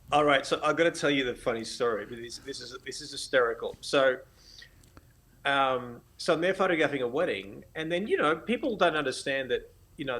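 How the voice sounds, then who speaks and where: Bright-voiced Australian man telling stories. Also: medium pitch. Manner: animated, laughing storyteller. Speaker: guest photographer. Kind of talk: casual interview storytelling.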